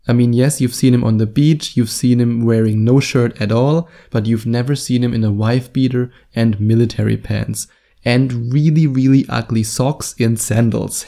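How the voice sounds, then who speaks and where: Gravelly German-accented podcast host. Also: male voice, medium pitch, steady tone, normal speed, warm tone. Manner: jokey, self-deprecating, emphatic. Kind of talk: casual solo podcast monologue.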